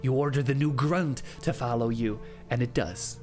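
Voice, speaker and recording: A man's voice: mid-range voice, normal speed, soft background music. A man casually commenting while playing an AI role-play game, reading its text aloud, laughing often and swearing. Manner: quieter, softer delivery later on.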